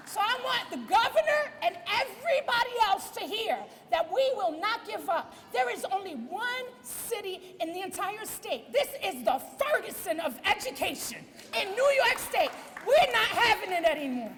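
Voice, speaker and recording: A fiery woman rallies a crowd with a very high, piercing, bright voice, full of defiance and punchy call-outs. The sound comes through a microphone into a large echoing space, with the crowd murmuring behind her. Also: lively intonation, normal speed. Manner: fired up, defiant, calls out to the crowd, shouts lines. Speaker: advocacy group director speaking at a rally. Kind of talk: fiery rally speech. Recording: echoey hall with crowd and noise.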